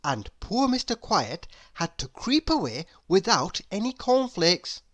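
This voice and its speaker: A woman reading a children's story aloud, expressive and asking the listener questions. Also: medium pitch, a little slow.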